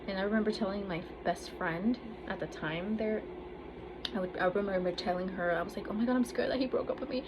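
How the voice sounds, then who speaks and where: A young woman talks to camera in a loose, rambling way, full of fillers, and acts out what she once thought. Her voice sits at an ordinary pitch for a woman. There is clear background noise throughout the recording. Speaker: vlogger. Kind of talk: casual personal storytelling.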